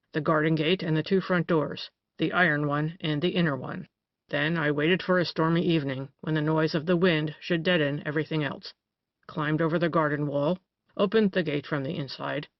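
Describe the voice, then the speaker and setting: A cunning, boastful male detective, put on by an audiobook reader, savoring every detail of his tale. The voice is mid-pitch, recorded dry and slightly dull. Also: vocal fry, no room sound, natural voice.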